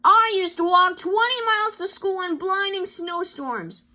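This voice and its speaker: A woman voicing a blustering, grumpy bear father in a storybook play, with shrill melodramatic yelling. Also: lively intonation, measured pace, exaggerated voice. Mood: grumbling.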